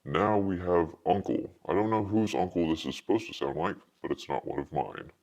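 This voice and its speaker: A man demonstrating a phone app's uncle voice-changer preset, making wry jokes through the deepened voice. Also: normal speed, darkish tone. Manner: wry, joking asides.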